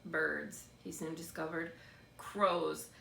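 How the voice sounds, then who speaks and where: A woman narrating a children's book in a steady, expressive read-aloud. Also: sits low, slow pace, vocal fry. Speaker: storybook reader. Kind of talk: scripted narration. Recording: roomy, distant mic, faint background noise.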